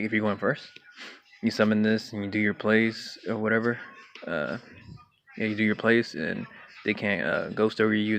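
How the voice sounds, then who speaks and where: A young man casually walking through his card game deck, talking in a relaxed way with many fillers and throat clears. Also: lowish voice. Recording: dull lo-fi home recording with faint hiss.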